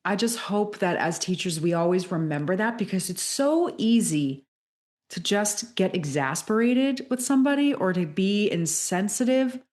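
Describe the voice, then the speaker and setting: A woman's voice: mid-range voice, animated, normal speed, a little mellow. A middle-aged woman co-hosting a podcast, talking in a blunt, joking way. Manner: blunt, joking, swears for effect. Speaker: podcast co-host. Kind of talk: casual chat.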